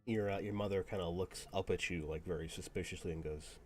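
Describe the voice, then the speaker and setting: A man's voice: low voice, steady tone, a little fast, soft background music. A man narrating as game master of a tabletop game, rambling with lots of fillers. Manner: rambling, full of fillers and laughs.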